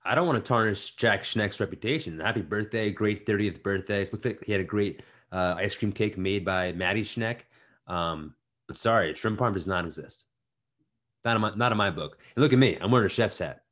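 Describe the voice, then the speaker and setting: A young man co-hosting a podcast, joking around in casual chat and riffing bits with quick restarts. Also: lowish voice, a bit bright. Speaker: podcast co-host.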